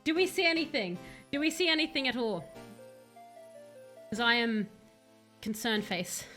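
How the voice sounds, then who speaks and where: High bright-voiced woman streaming a spooky game, jumpy and chatty with chat, faint music under it. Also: expressive, measured pace. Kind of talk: live game stream commentary. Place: home room, playing at a computer.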